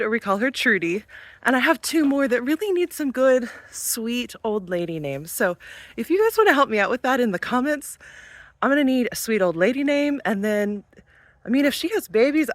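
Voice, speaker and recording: With no room sound, a fairly high, slightly bright voice carries this casual farm vlog. The woman, in her thirties or forties, films herself handheld while doing chores in barns and outside, chatting away, talking sweetly to her animals, and sometimes getting winded.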